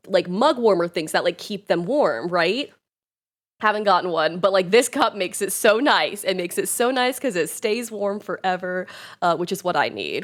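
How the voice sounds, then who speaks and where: A woman streaming live and chatting casually, bubbly and rambling, full of "like" fillers and laughter, nervous and close to tears. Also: lowish voice. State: nervous and emotional, near tears.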